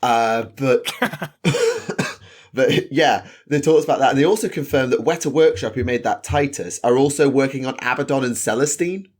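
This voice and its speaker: A man co-hosting a podcast, talking quickly in a chatty, self-deprecating way. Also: medium pitch. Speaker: podcast co-host. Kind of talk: casual chat.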